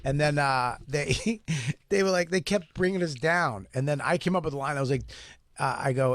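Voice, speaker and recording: A man's voice: a little high, normal speed, fairly bright tone, no echo, studio quality. Raunchy talk show man telling stories. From Boston area. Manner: storytelling, does voices of others, swears freely. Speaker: radio show co-host. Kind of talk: casual crude comedy chat. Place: radio studio.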